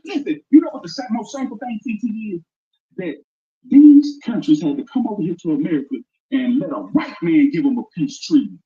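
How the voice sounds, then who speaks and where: A man ranting loudly and arguing on a livestream, talking over the others in heated debate. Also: high-pitched, big pitch swings, fairly quick. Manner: loud, ranting, argumentative. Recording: dull lo-fi stream audio.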